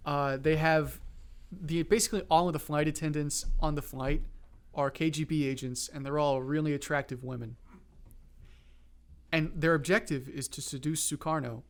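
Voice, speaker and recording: Male podcast host, slightly high voice, animated comic storyteller. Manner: animated, laughing often, quick asides. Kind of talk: casual comedic storytelling.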